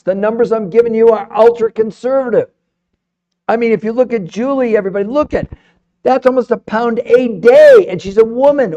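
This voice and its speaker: Fired-up man on a lo-fi live stream. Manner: fired-up, swearing, swings between calm number-reading and loud pitching. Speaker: host of a live health stream. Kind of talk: live-stream talk to viewers.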